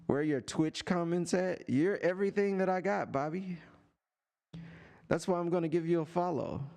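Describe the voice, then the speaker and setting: A man in a streaming setup, speaking close into a desk microphone with a voice that sits a little high for a man. He taunts a viewer in a sarcastic, sing-song way, stretching out his digs. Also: vocal fry, a little mellow. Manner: sarcastic, teasing, drawn-out taunts. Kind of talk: mocking live-stream rant to a chatter. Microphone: desk microphone and headphones.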